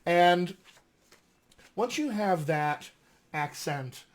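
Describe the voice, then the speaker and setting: Animated American dialect coach, man. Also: high-pitched, extremely slow. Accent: mostly General American. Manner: animated, conversational, with frequent fillers. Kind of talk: casual recorded lesson. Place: filmed at home with flashcards.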